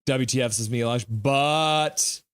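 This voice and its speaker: A man hosting a live stream, reacting to a game and joking with his chat in an animated way. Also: medium pitch, unhurried, smooth, no room sound, studio quality.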